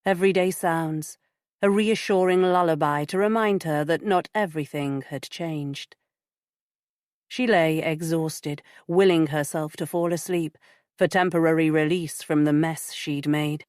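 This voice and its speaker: In a low voice, a woman narrates a scripted audiobook with measured, even storytelling, captured in a clean studio with no room sound.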